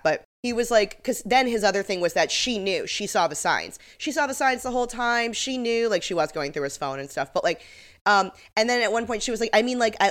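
A woman's voice: lowish voice, a bit bright. A young woman co-hosting a podcast, chatting casually and animatedly, swearing freely and acting out the quotes she retells. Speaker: podcast co-host. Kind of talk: casual chat recapping reality TV.

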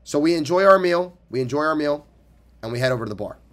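Young guy co-host, slightly high voice, lively teasing banter, casual storytelling. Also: fast talker. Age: young adult. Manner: animated, teasing, swears freely. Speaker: podcast co-host.

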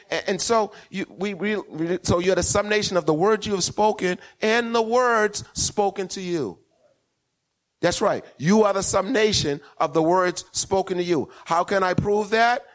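A man preaching a sermon in a call-and-response style, building to emphatic peaks and checking in with his congregation. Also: sits high. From West Indian parents. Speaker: pastor.

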